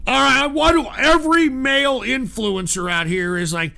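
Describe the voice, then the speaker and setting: A man's voice: extremely high pitch, moderate pace, gravelly, bright, forceful tone. A man hosting a live-stream call-in show, ranting angrily with constant profanity. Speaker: host.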